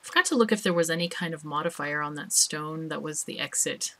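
A woman's voice: low voice, brisk, fairly bright tone. A woman hosting a let's play, chatting casually and thinking aloud as she plays, with small laughs. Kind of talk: casual gameplay commentary.

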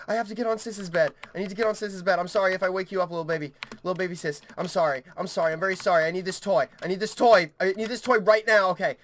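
A man's voice: sits high, very fast, few pauses, fairly bright tone, slight background noise. A man commentating a horror game into a headset mic, frantic and yelping, swearing constantly. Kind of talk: panicked horror-game let's play commentary.

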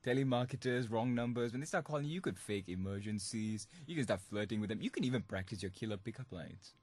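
A young Singaporean man hosts a student radio podcast as a comic monologue, sounding playful and mischievous and laughing often. His voice sits on the low side with a darkish tone, and he talks fast.

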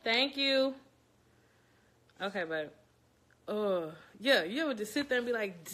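A woman's voice: mid-range voice, animated, measured pace, pauses often, fairly bright tone. A young woman from Louisiana, chatting casually to viewers at home while nervous before an interview. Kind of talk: casual chat. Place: home, indoors.

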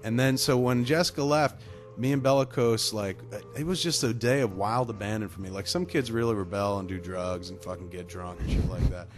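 A man with a lowish voice spins a rambling, profane anecdote on a casual podcast. He talks loosely and swears freely. Faint music sits underneath. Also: fairly quick, hardly any pauses. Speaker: podcast co-host. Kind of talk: casual chat, storytelling.

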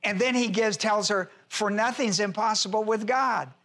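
A man's voice: high-pitched, moderate pace, fairly bright tone. A male pastor teaching a Bible lesson who repeats key phrases for emphasis, spells out Greek words letter by letter and speaks to his listeners directly in plain, informal grammar.

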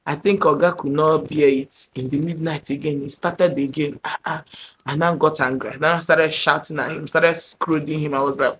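A young woman with a Nigerian accent, telling a personal story to camera in an animated, dramatic way. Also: low-pitched, normal speed, a little hiss or hum. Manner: animated, dramatic storyteller, shifting between loud and hushed. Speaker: vlogger. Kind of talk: storytime monologue.

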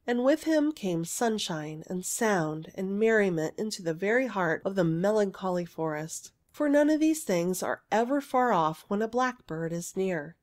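A woman narrating a fairy story aloud in an expressive, gentle storytelling manner. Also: mid-range voice.

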